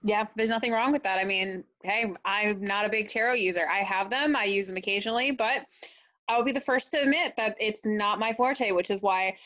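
A woman hosts a podcast interview in an easygoing, casual way. Her pitch sits in the middle range, and she asks questions plainly. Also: a little fast, fairly bright tone, dull audio. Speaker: podcast host.

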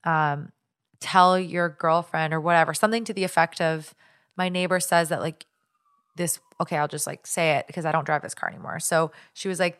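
A young woman hosting a podcast, telling a story in casual, animated chat. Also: low voice, a little fast, smooth. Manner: chatty storyteller, animated retelling. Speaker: podcast host.

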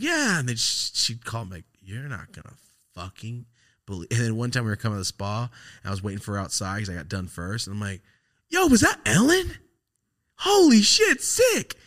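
A young man hosting a podcast, telling stories in a loose, profane casual chat. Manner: animated, profane storyteller doing squeaky high impressions. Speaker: podcast host.

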